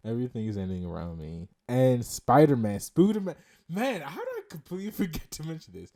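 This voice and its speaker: A man's voice: medium pitch, wildly swooping pitch, brisk, a little mellow. Giggly rambling podcast host man. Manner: giggly, rambling, swears often. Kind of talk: casual podcast chat.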